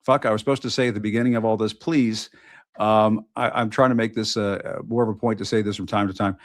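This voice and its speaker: A man's voice: fairly low pitch, steady tone, no echo. Middle-aged guy ranting on his own news show, lots of swearing and restarts, dry close mic. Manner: emphatic, repetitive, profane; halting restarts and fillers. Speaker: host of an independent news show. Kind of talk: impassioned political monologue.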